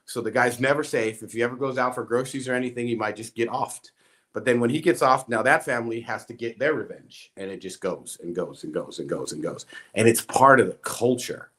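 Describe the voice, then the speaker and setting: A man's voice: medium pitch, fairly quick, fairly bright tone. A man casually recounting a story, acting out quoted dialogue as he goes. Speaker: guest.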